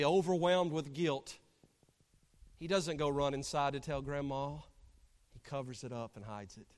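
A man with a high voice preaches a sermon, moving from gentle storytelling to fervent, emphatic appeals. His words ring out with a long hall reverb, as if from a church pulpit. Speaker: pastor.

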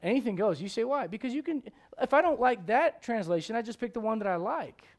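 High-voiced preacher, swinging loud and soft. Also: male voice, a little fast. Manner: animated preaching, swings from loud emphatic questions to low quiet asides. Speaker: pastor. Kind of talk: sermon.

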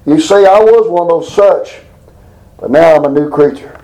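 A man's voice: a little high, normal speed, dark tone, low-quality recording. A man giving a folksy, emphatic Bible lesson, reading scripture aloud and explaining it in plain talk. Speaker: preacher. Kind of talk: informal Bible teaching.

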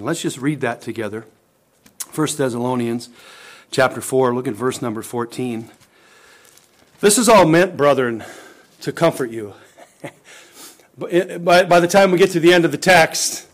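A man preaching a sermon, impassioned, swinging between loud rising lines and hushed low ones, calling questions out to the congregation. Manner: impassioned, rising and dropping to near-whispered lows.

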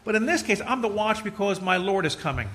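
Middle-aged preacher, bright forceful tone, tells folksy stories, preaches with emphasis. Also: male voice, high-pitched, animated, fast talker. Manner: conversational, storytelling, builds to emphatic preaching. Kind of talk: folksy sermon with personal stories.

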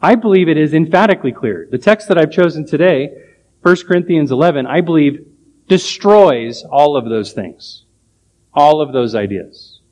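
A man's voice: fairly high pitch, expressive, moderate pace, a little mellow. A male pastor preaching a sermon, pressing his point with emphatic rhetorical questions.

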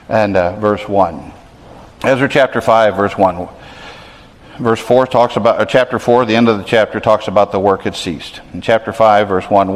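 A man's voice: lowish voice, big-room sound. A man preaching a sermon, earnest and conversational, building to emphatic peaks. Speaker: pastor.

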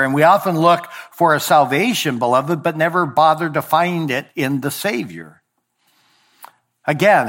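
A male pastor delivers a sermon to his congregation in a voice pitched a little above the usual. He preaches deliberately, slowing for emphasis and letting his phrases fall low at their close. Now and then he trips on a word and corrects himself. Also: fairly bright tone. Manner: occasional verbal slips and self-corrections.

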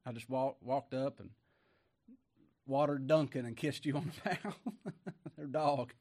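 A middle-aged man preaching a folksy sermon, going from loud declaiming to hushed words. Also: medium pitch, lively intonation, moderate pace, pauses often.

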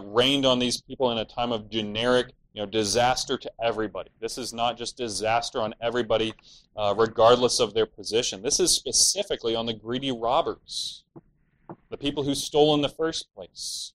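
A man delivers an expository sermon in an earnest, explaining voice of middle pitch. He walks through the scripture point by point and now and then mimics the lament of the wrongdoers. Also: steady tone, fairly quick, fairly bright tone, low-quality recording. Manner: earnest expository preaching, rising to mock the villains' laments. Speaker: preacher.

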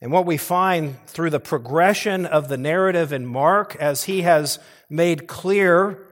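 The pastor's voice sits on the high side, and he preaches at a measured pace with real earnestness. Key words get heavy emphasis, and he sometimes restarts or repeats a phrase.

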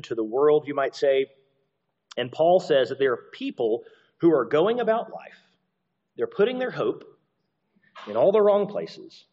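A man's voice: medium pitch, a little mellow, dull audio. A man preaching through a Bible passage in a conversational way, restarting sentences and posing rhetorical questions to his listeners. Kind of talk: expository sermon.

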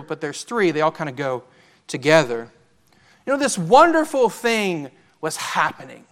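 High-voiced man preaching a sermon. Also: fairly bright tone. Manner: earnest, emphatic preaching with rhetorical questions. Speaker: pastor.

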